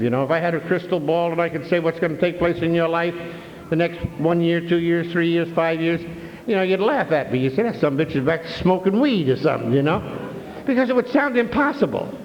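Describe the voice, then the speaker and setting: Folksy older man telling stories in a hall. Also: a little high. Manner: folksy, full of "you know". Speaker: recovery meeting speaker. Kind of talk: humorous storytelling talk. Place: convention hall. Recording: dull, hall-echoed 1993 convention tape.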